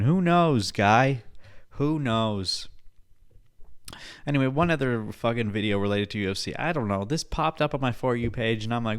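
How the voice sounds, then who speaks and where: A man's voice: medium pitch, smooth. A young man hosting a podcast alone, chatting casually, swearing often, rambling and laughing at his own jokes. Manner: profane, rambling, laughs a lot. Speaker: podcast host.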